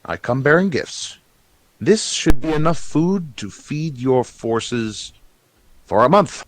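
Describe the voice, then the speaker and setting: A man's voice: medium pitch, animated, takes it slowly, no echo, pitched above the performer's own voice. A man voicing a nervous, overly polite goblin nobleman who is the eldest son of a lord. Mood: courtly, fussy. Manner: flustered, overly polite diplomat.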